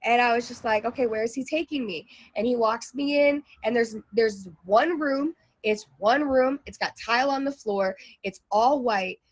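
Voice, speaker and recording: Woman with a high voice, chatty storyteller, loose and rambling delivery. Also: normal speed, hardly any pauses. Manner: chatty, many fillers and restarts. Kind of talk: casual storytelling.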